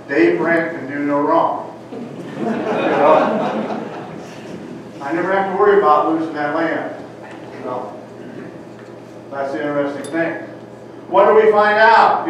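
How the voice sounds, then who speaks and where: Folksy older farmer in an echoey hall. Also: male voice, high voice. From Ohio. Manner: folksy storyteller, sprinkles in "you know". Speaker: farmer giving a talk. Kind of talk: folksy conference talk. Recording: echoey hall, distant mic, dull and noisy.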